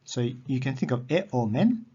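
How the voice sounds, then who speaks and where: Guy explaining grammar slow and patient, repeats words, muffled lo-fi sound. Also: medium pitch, sing-song, dark tone, breathy edge. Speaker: Greek teacher. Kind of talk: recorded grammar lesson. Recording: dull lo-fi audio.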